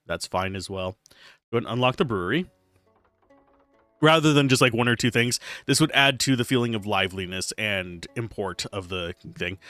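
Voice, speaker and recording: Bright-voiced man thinking aloud over gameplay. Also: mid-range voice, fairly quick, no echo, faint music behind. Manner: musing, analytical, thinking aloud. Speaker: game reviewer, let's player. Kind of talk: casual gameplay commentary.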